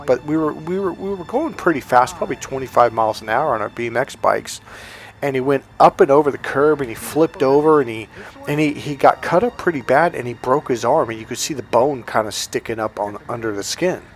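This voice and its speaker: Guy telling an old school story, lots of likes, mid pitch, faint music behind. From Northern California. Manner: casual, heavy use of "like", acts out quoted lines. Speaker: relationship coach. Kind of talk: storytelling monologue.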